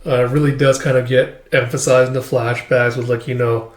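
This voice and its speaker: A man's voice: mid-range voice, level tone, a little fast, roomy sound. A man hosting a casual read-along of a comic chapter, rambling with lots of fillers. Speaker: host.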